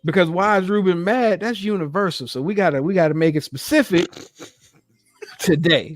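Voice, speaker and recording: A man's voice: high voice, moderate pace, no room sound. A man co-hosting a podcast, teasing his partner in casual banter. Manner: teasing, insistent. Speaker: podcast co-host.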